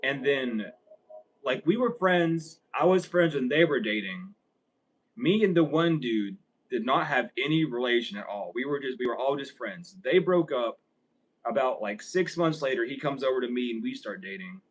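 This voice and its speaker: A man's voice: medium pitch, animated, normal speed, rough recording. A young man vlogging a casual story. He rambles, swears freely and laughs often as he talks.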